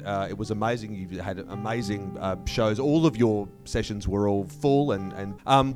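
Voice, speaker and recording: A man hosting a casual interview, asking quick questions with a dry, self-deprecating humor, with faint guitar music behind. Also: fairly low pitch. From Australia. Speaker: interviewer, host.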